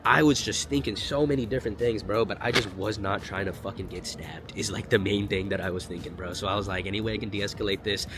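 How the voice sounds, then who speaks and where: A young man telling a storytime vlog in an animated, slangy and profane way. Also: lowish voice, brisk, hardly any pauses, heavy background noise. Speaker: vlogger.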